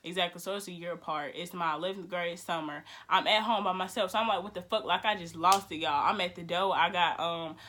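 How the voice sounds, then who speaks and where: Young woman, vlog storytelling, blunt, swears, bright forceful voice. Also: fairly low pitch, fairly quick, hardly any pauses. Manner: blunt, animated, swears freely. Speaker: vlogger. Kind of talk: emotional storytelling.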